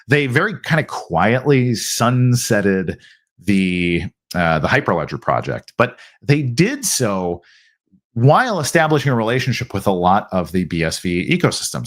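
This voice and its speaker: Live-stream host, American man, mid-pitch, loose conversational delivery with restarts. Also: a bit bright. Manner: conversational, frequent restarts, acts out quotes. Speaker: host answering viewer questions. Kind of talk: live Q&A chat.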